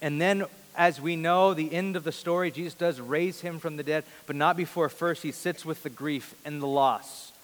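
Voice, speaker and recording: A man's voice: a little high, steady tone, normal speed. Earnest man preaching in a reverberant hall. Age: 30s. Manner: earnest, swings between loud emphasis and soft hushed lines. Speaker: pastor. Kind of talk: sermon. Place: large church hall before a big congregation. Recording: long reverb of a large hall.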